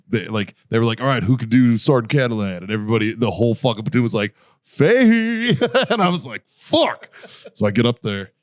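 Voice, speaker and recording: Male co-host, low voice, joking and profane, dry close sound. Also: no echo. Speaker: podcast co-host. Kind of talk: casual chat, storytelling.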